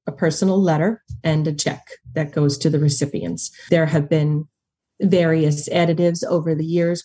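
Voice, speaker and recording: A woman speaking as a podcast guest in a heartfelt, animated way. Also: low voice, husky. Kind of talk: conversational interview.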